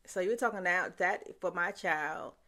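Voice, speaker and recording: A woman's voice: fairly low pitch, a little slow, pushed and bright. A woman in her thirties co-hosting a podcast, speaking thoughtfully in casual chat with ums. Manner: reflective, thinks aloud with ums. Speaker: podcast co-host.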